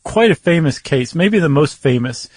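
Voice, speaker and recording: Podcast co-host: man, somewhat higher voice, jokey and conversational, dry sound. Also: lively intonation, moderate pace, a little mellow, no room sound. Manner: jokey and easily laughing, conversational. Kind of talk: casual chat.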